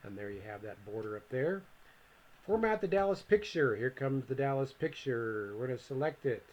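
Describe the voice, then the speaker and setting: A man instructor narrating a software screencast tutorial, casual and thinking aloud as he clicks, with joking asides to the viewer. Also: mid-range voice, expressive, moderate pace, poor audio. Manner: casual, talks to himself while clicking.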